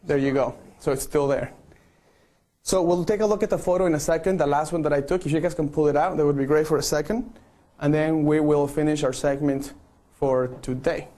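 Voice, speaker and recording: Man, slightly high voice, photographer coaching a group, playful and coaxing. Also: steady tone, fairly quick, mellow. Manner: playful, coaxing, repeats okay. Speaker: photographer directing a group shoot. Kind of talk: live-streamed instruction.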